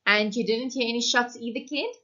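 A woman's voice: on the high side, fairly quick, bright, forceful tone. A blunt, suspicious policeman asking probing questions, read out by a woman in her own voice. The sound is dull and lo-fi. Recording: muffled lo-fi recording.

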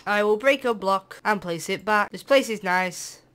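Excitable British teen gamer, sing-song. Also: mid-range voice, normal speed. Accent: British English. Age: teens. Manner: excitable and jokey, breaks into sing-song and sudden shouts. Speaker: gameplay channel host. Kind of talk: let's-play gameplay commentary.

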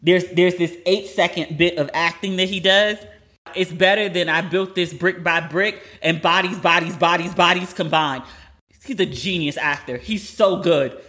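A woman hosting a podcast, giving a blunt, animated recap of a TV episode in casual chat and swearing freely. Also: fairly low pitch, moderate pace. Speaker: podcast host.

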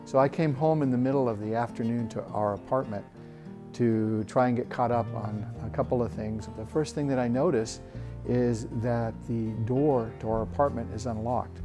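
A man in his thirties telling a personal faith story in an earnest, halting way with frequent restarts. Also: mid-range voice, fairly even intonation. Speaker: church member sharing a testimony. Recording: soft guitar music behind. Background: soft guitar music.

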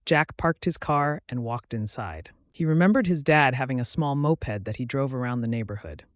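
A man narrating his own story like an audiobook, reading at a measured, steady pace. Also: medium pitch, no echo, studio quality.

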